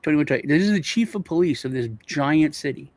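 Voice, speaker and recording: A man with a gravelly, fry-heavy voice rambles through casual chat, stumbling over restarts and repeating himself. He was recorded close and dry, with no room sound. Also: a little high, lively intonation, brisk, dry recording. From Europe. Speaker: co-host.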